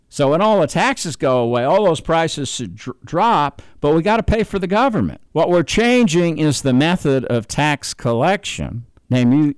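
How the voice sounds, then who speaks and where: A man's voice: mid-range voice, smooth, no room sound. An older American man giving an unscripted political monologue, explaining his points emphatically and repeating words for stress.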